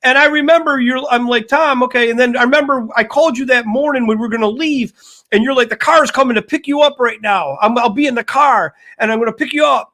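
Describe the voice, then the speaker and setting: An older man co-hosting a casual sports talk show, telling an animated story and acting out the dialogue. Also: very high voice, fast. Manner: animated, acts out quoted dialogue. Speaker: co-host.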